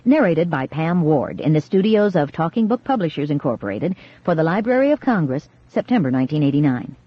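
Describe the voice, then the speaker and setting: Woman narrator, lowish husky voice, dull dry 1980s cassette studio sound. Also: very animated, no echo. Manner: measured, dramatic reading. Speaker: audiobook narrator. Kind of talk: scripted narration. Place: recording studio.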